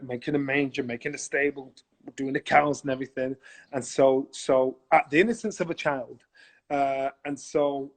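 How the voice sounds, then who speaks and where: A man telling a childhood story over a video call, animated and acting out the voices of people in it. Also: mid-range voice. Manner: animated, acts out voices in his anecdotes. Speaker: guest. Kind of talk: casual storytelling in a conversation.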